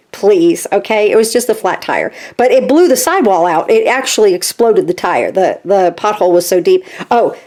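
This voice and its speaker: A woman in her sixties with grandchildren, a craft channel host chatting casually while she works, animated and full of "okay?" asides. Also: mid-range voice.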